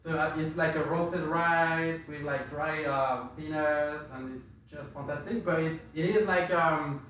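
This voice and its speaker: A man talks through spice blends in a loose, halting way, full of fillers and restarted phrases. His voice sits a little high and sounds distant, in a very echoey room with faint noise behind. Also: fairly bright tone. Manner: hesitant, many fillers and restarts. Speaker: spice expert presenter. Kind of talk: casual explanatory talk.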